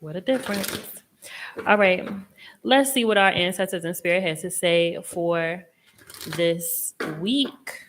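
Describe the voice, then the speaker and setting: A young woman hosting a casual live tarot reading, chatty and expressive, with a reassuring tone and casual swearing. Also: on the low side, takes it slowly, noisy background. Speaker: tarot reader and live stream host.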